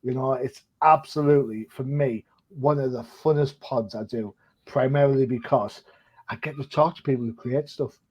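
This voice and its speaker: Heard through a dull, lo-fi recording, an older podcast host chats casually, pokes fun at himself and leans on lots of fillers. He speaks at medium pitch and a moderate pace, a little mellow and slightly rough.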